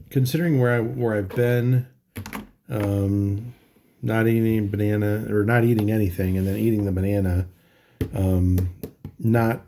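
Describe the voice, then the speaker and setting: A middle-aged man talking casually in a halting video diary, tired and full of ums and restarts. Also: lowish voice, dark tone, slight background noise. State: tired, yawning. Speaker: vlogger.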